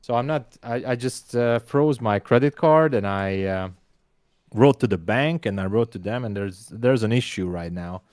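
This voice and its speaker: A man's voice: lowish voice, moderate pace, a little mellow, dry recording. A man whose first language is Hungarian, co-hosting a live trading stream in casual chat. He speaks English with a Hungarian accent, often stumbles, repeats words and laughs.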